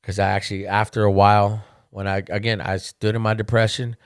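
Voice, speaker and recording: A middle-aged man hosting a podcast, telling personal stories in a candid, casual monologue and getting animated when he quotes others. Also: lowish voice, fairly quick, clean tone, dry recording, studio quality. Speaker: podcast host.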